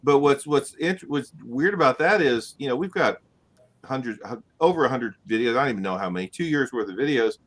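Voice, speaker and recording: A man's voice: mid-range voice, lively intonation, a bit bright. A man who co-hosts a cruise channel, speaking as a guest in casual chat and stopping and restarting his sentences often. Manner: halting, full of restarts.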